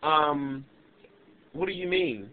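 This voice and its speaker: A man's voice: fairly high pitch, slow. Indignant young man ranting, tinny audio. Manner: animated, emphatic and indignant. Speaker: vlogger. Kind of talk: casual ranting storytelling. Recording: tinny lo-fi webcam audio with faint hiss.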